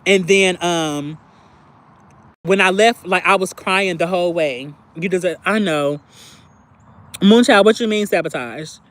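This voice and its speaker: A woman hosting a livestream chats casually with her viewers and reacts to them, speaking in a candid, confessional way full of filler words. Her voice is lowish and a little slow, with long pauses.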